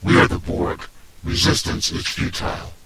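A man voicing a cold, commanding male cyborg collective in a flat, droning monotone for a podcast segment intro. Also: normal speed, lightly acted. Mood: menacing. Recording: distant voice under loud music.

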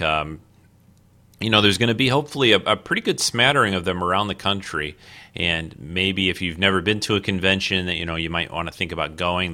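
Low-voiced podcast guy, bright tone, rambly with lots of uhs. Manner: rambling, with many fillers and restarts. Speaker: podcast host. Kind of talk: casual solo podcast talk.

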